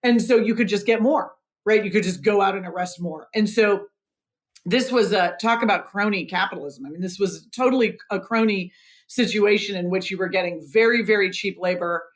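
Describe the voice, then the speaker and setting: A woman's voice: mid-range voice, fairly quick. A woman author, a guest on a podcast interview, explaining history in an earnest, emphatic way.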